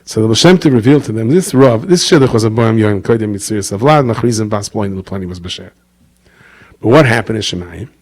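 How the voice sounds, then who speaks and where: Animated rabbi telling stories. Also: male voice, fast talker. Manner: animated storyteller, acts out characters with big pitch jumps, Yiddish-inflected English. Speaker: rabbi giving a Torah talk. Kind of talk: storytelling Torah lecture.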